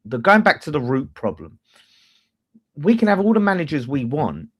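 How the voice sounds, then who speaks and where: A man's voice: on the high side, moderate pace, husky. A man, hosting a fan channel and arguing about football in a casual, sweary debate. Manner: animated, swears freely, talks over others.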